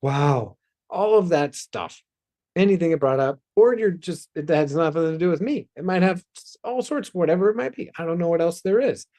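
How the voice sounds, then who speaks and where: A man hosting a spiritual self-help talk, speaking loosely and rambling, with sighs and soft asides. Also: high-pitched, lively intonation, fairly quick. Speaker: host.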